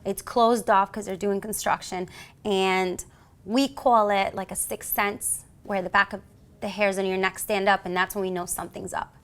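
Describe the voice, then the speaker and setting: Lively American woman telling a story. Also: mid-range voice, moderate pace. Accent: New York. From United States. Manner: acts out voices in her stories, lively and theatrical. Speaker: interview guest, police officer. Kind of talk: animated storytelling.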